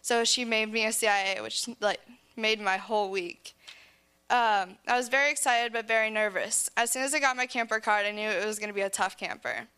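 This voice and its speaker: A woman's voice: a little high, fairly even intonation, fairly quick, sharp tone, clear, resonant tone. A teenage girl giving an earnest personal testimony about camp to a church audience, often saying "like" and laughing between phrases. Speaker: speaker sharing a camp testimony.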